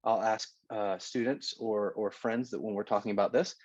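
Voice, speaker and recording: A man's voice: on the low side, fairly even intonation, normal speed, darkish tone, no room sound, dull audio. A man teaching a recorded lesson in a conversational way, often checking in with "okay?". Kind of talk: recorded lecture.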